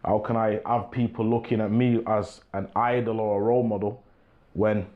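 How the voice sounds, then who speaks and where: A man's voice: lowish voice, flat delivery, normal speed, narrow, tinny audio. A young man from England talks casually, hosting his own show and often asking "you get me". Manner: laid-back, repeats "you get me" often. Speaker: talk show host. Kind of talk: casual monologue to camera.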